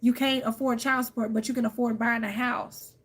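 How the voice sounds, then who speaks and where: A woman's voice: a little high, flat delivery, brisk. A woman tarot reader in a casual, candid chat, speaking emphatically and calling her listeners "y'all" and "honey.".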